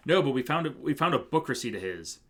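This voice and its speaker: A man's voice: mid-range voice, big pitch swings, fast, a bit bright, a little hiss or hum. A man streaming a game, chatting casually with viewers and reading dialogue aloud in a joking way.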